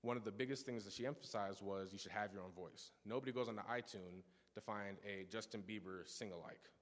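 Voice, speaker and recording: In a church sanctuary with long reverb, a teenage youth speaker delivers a sincere testimony. His voice is lowish and fairly quick, and his storytelling is full of restarts and side remarks.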